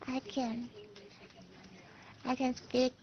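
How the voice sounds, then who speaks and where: Soft, slow Taiwanese woman student. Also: high-pitched, completely flat delivery, a crowd in the background. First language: Mandarin. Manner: hesitant, soft-spoken. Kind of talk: classroom answers. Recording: distant lo-fi classroom recording with noise.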